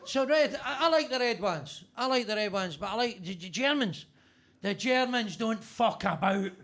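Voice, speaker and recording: A man's voice: high voice, animated, moderate pace, fairly bright tone. A man doing stand-up crowd work in a basement comedy club, teasing audience members and swearing freely.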